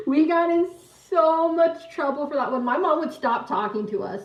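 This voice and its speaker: Her voice is high with lively intonation, and she keeps a measured pace. A young woman livestreams from an echoey room with a distant mic and dull lo-fi audio, giggling through a meandering story and welcoming chat viewers.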